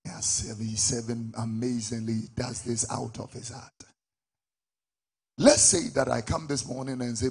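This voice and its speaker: A middle-aged man with a Ghanaian English accent, preaching a sermon as a prophet, with sudden shouted peaks. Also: mid-range voice, steady tone, normal speed, creaky, husky.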